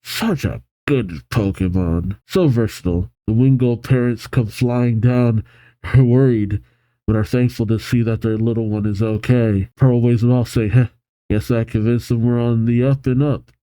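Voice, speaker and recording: A man hosting a manga reaction, reading the panels aloud and commenting with animated excitement. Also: medium pitch, normal speed, clear, resonant tone, no echo, poor audio. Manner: animated, reads character lines with excitement, laughs often.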